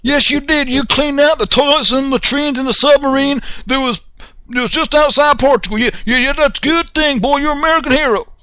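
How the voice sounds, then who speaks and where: A man putting on the voice of a bullying male drill sergeant who shouts and mocks his recruits. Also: very high-pitched, level tone, a little fast, hardly any pauses, no room sound, pitched above the performer's own voice, heavily acted, rough recording. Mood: mock praise. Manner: shouting, mocking.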